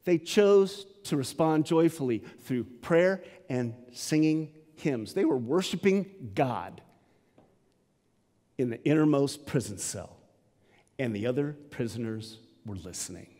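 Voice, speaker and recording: A male pastor giving a sermon and telling its story in a lively, dramatic way. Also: mid-range voice, measured pace, big-room sound.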